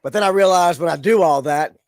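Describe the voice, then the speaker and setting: A man's voice: a little high, fairly quick, no echo, studio quality. A man hosting a casual live-stream, chatting loosely with viewers in a laid-back way. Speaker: livestream show host. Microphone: studio microphone with audio interface.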